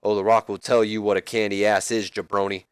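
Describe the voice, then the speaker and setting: A man voicing a swaggering male wrestler who brags about himself in the third person with slow, drawn-out lines. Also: fairly low pitch, little pitch movement, clear, resonant tone, dry recording, close to an everyday voice. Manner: drawn-out, boastful.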